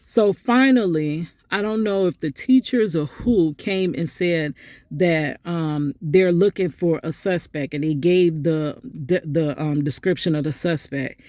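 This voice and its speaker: A middle-aged woman vlogging, telling a story in a chatty, animated way and talking straight to her viewers. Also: measured pace, dry recording, clean studio sound. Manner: animated, acts out quotes with big pitch jumps; chatty, addresses viewers directly. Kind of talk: casual storytelling vlog.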